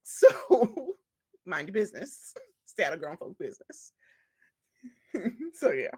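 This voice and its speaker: A woman co-hosting a podcast in casual chat, animated, laughing often and acting out quoted voices. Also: mid-range voice, takes it slowly, husky. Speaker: podcast co-host.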